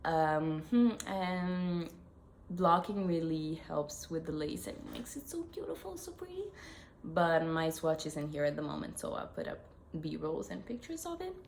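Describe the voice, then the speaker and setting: Young Italian-accented woman hosting a knitting vlog, unhurried, lowish voice, echoey room with faint hiss. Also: very animated, a little mellow. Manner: chatty, self-correcting, giggly asides. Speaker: knitting podcast host. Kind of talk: casual chat to camera.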